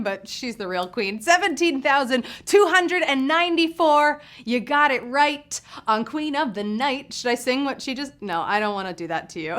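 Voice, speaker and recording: A woman's voice: sits high, fairly bright tone. A woman hosting a live trivia game show, reading questions with playful, teasing, chatty asides.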